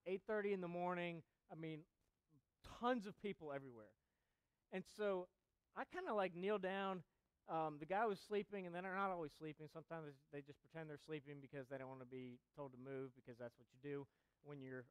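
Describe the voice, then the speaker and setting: Male preacher, high and smooth, chatty sermon storytelling, dry close sound. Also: dry recording, rough recording. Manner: casual storytelling with many fillers; rises to loud emphatic reading of scripture. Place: church chapel.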